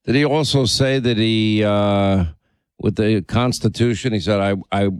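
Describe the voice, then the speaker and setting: A man's voice: lowish voice, steady tone, a little slow, clear, resonant tone, no room sound. Indignant man hosting talk radio. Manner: indignant, repeats himself, many fillers. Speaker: radio and podcast host.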